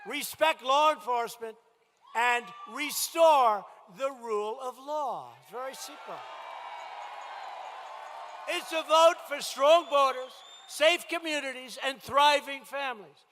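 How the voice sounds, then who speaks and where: A man delivers a campaign rally speech in a big indoor venue. His voice sits high and comes out forceful and sharp. He talks in short, emphatic bursts and keeps circling back to the same lines. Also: takes it slowly, a little hiss or hum. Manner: emphatic, repetitive, punchy phrasing. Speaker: politician addressing a rally.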